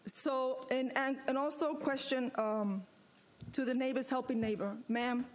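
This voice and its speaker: A woman serving as vice mayor, giving a firm, emphatic statement at a city commission meeting and repeating her points with pauses. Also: a little high. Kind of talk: formal statement at a public meeting.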